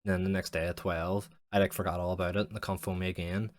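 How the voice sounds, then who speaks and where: Young man, deep voice, casual rambling podcast talk, constant swearing. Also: flat delivery, fast. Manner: rambling, heavy swearing, lots of "like". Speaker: podcast host. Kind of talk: casual solo podcast monologue.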